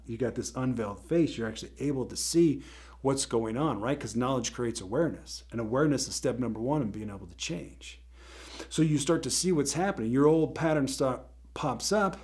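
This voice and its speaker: A man's voice: mid-range voice, darkish tone. A man hosting a faith-based teaching show gives a motivational talk in a conversational, emphatic way, often checking in with his listeners.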